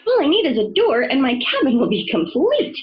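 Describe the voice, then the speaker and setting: A woman's voice: high-pitched, a little fast, muffled recording, pitched above the performer's own voice. A woman voicing a hot-tempered young male wolf in a storybook, talking expressively. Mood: cheerful. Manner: expressive, swinging between outbursts and worry.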